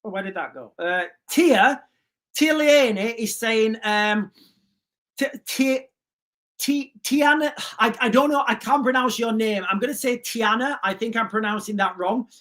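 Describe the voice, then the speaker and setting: A man's voice: very high voice, unhurried, a bit bright. A man hosting a livestream, ranting emphatically, repeating himself and putting questions to his viewers. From United Kingdom. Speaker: livestream host.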